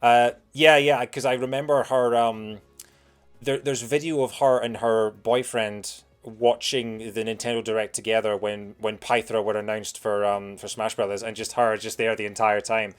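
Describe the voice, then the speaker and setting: A man's voice: fairly low pitch, level tone, moderate pace, clean tone, faint music behind. A young British man giving casual commentary while playing a video game, rambling with lots of fillers as he answers chat.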